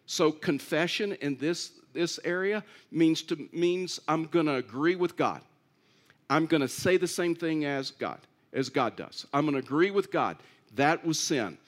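A man's voice: fairly high pitch, expressive, unhurried. A man preaching a sermon in an earnest way, repeating key phrases and rising to emphatic pleas. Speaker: pastor.

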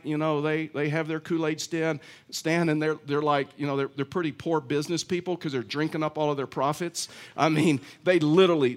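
A middle-aged male pastor giving a conversational sermon, telling stories with frequent restarts. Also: fairly high pitch. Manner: chatty storytelling, many restarts.

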